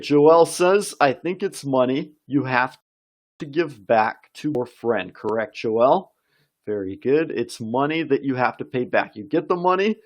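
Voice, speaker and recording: Slow-talking English teacher man. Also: medium pitch. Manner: slow, encouraging, reads out viewer comments. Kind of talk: live-stream English lesson.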